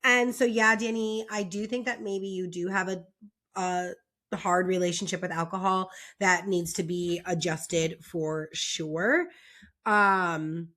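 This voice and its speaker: A woman's voice: fairly low pitch, steady tone, slow, sharp tone. A young woman giving a casual, opinionated recap of a reality show, chatty and peppered with fillers, often exasperated. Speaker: reality TV commentator.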